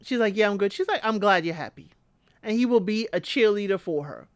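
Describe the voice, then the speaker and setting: A woman's voice: medium pitch, animated, fairly quick, clear, resonant tone, dry recording, clean studio sound. A woman recapping a reality show in casual commentary, chatty and talking back to the people she describes. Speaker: recap host.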